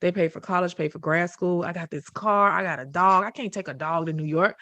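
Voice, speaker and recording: Woman podcast host, low-ish voice, dry close sound, lively storyteller. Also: fairly quick, no room sound. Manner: animated storytelling with voiced quotes. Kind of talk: casual chat.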